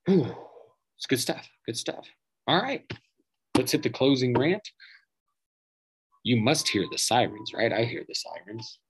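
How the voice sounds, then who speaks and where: Sarcastic, husky-voiced ranting man. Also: medium pitch, very animated, measured pace, pauses often, low-quality recording. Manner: sarcastic, mocking, swears freely. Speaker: podcast host. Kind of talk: profane political rant.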